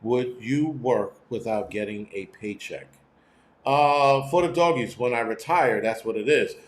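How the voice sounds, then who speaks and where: A man's voice: mid-range voice, a little slow, reverberant. A middle-aged man hosting a prepping channel, talking in a profane, blunt, rambling livestream rant from home. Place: room at home.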